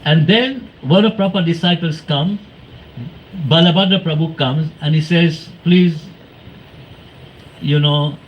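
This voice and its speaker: A man's voice: a little high, a little slow, pauses often. Man telling devotional stories. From Venezuela. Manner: animated storytelling, acting out quoted exchanges. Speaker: devotee speaker. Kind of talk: devotional talk with anecdotes. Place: temple hall. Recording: muffled, with faint background noise.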